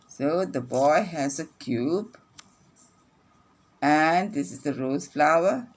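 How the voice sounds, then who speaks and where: A woman teacher reading a phonics lesson aloud to young children, repeating each sentence slowly and clearly. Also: fairly low pitch.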